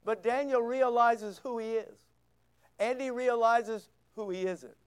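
A man's voice: extremely high pitch, steady tone, a little slow, smooth. A man preaching a sermon as pastor, reading scripture aloud and asking the listeners questions in a conversational way.

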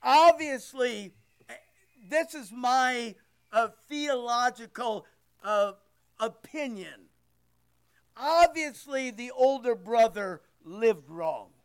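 An older man preaching with a strikingly high voice. He speaks in an unhurried way, loud and emphatic, dropping from near-shouts to quiet asides as he leads his congregation. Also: lively intonation, clear, resonant tone. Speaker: pastor. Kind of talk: sermon with prayer.

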